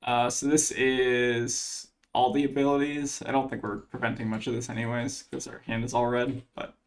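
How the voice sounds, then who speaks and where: A man's voice: medium pitch, flat delivery, normal speed. A man commentating his own card game match, thinking aloud as he weighs each play, with plenty of fillers. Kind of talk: casual gameplay commentary.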